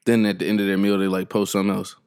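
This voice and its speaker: A man with a somewhat low voice hosts a casual podcast. He rambles from one thought to the next, jokes constantly and breaks into laughter. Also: monotone, rapid-fire, darkish tone, clear, resonant tone. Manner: joking, laughing often, rambling. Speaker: podcast host.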